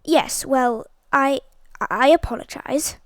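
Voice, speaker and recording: A flustered aristocratic father who keeps stumbling over his words, as a woman reads him aloud. The voice sits high and bright, recorded close and dry, like a storybook read at home. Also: slow, no room sound. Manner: hesitant, full of ums and restarts.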